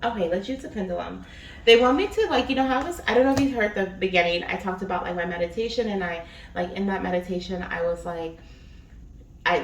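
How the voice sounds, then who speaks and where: A woman giving a casual spiritual reading, chatty and rambling with many fillers. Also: on the low side. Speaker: spiritual reader. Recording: echoey room, distant mic, faint noise.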